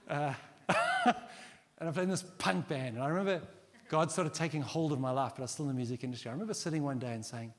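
A middle-aged man preaching a sermon as pastor, animated and acting out quoted prayers. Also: a little high, normal speed, pauses often. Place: large church hall. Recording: long hall reverb.

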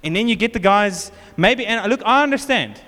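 Lively South African pastor in echoing church. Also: male voice, high-pitched, normal speed. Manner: informal, joking, acts out quotes. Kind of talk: conversational sermon. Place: church hall. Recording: long church reverb.

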